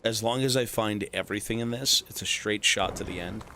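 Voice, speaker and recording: A man's voice: on the low side, brisk, sharp tone, slight background noise. A man streaming a video game, chatting casually and joking with viewers, often swearing and rambling. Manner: joking, profane, rambling to chat. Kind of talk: casual gaming stream commentary.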